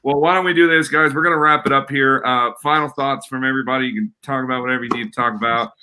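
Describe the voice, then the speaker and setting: A man's voice: mid-range voice, steady tone, fast, bright, forceful tone, a little hiss or hum. A man hosting a casual sports podcast, jokey and rambling, with frequent laughs. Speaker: podcast host.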